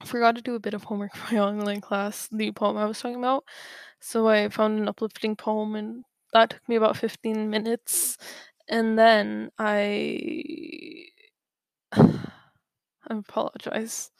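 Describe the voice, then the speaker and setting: Speaking unhurriedly in a gravelly but clean mid-range voice with little pitch movement, a young adult woman rambles through a casual vlog story. There's no echo, she laughs and corrects herself often, and she occasionally bumps her own mic.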